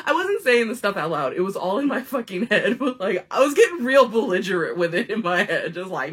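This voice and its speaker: This is a woman in her thirties telling a funny story from her own life. Her voice is strongly husky and breathy, and her pitch leaps up and down as she gets animated. She swears casually and laughs often. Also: brisk, hardly any pauses. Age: 30s.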